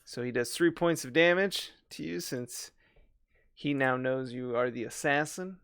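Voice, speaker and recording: A man's voice: medium pitch, a little slow, fairly bright tone, smooth, no echo, studio quality. A man narrating as game master for a tabletop game, describing the action and clarifying the rules.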